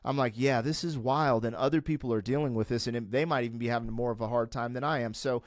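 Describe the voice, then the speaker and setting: A middle-aged man talking candidly as a guest in a conversation, emphatic and animated, climbing to fervent peaks as he rants. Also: medium pitch, fast, dry recording, clean studio sound. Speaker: podcast guest.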